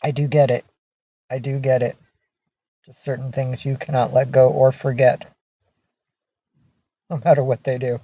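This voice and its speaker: A woman's voice: extremely low pitch, flat delivery, normal speed, long pauses, mellow, dry recording. A middle-aged woman hosting a casual livestream, who chats, reads out viewer names and coos at her pets. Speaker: livestream host.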